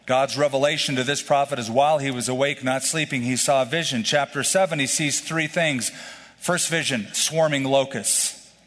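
A man's voice: mid-range voice, steady tone, moderate pace, a bit bright. A male pastor teaching through a scripture passage in a conversational, explanatory way, with casual asides. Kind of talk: expository sermon. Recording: long reverb of a large hall.

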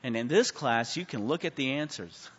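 A man teaching a Bible class in a church hall. He preaches with sudden swings from hushed to loud and asks the class questions, calling on people by name. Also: medium pitch, expressive, moderate pace, slightly rough. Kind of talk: Bible study sermon. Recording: muffled sound with a long hall reverb.

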